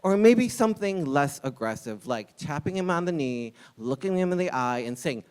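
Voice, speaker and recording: A man in his forties, a longtime restaurant server, telling a live personal story with a candid, wry comic delivery and sharp punchlines. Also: a little high, expressive, normal speed, smooth.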